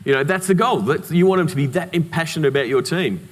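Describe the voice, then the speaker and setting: A man's voice: on the high side, fast. Australian man giving a keynote in a hall. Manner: lively anecdotal delivery with humorous asides. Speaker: keynote speaker. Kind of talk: conference keynote storytelling. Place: conference hall. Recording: reverberant conference hall.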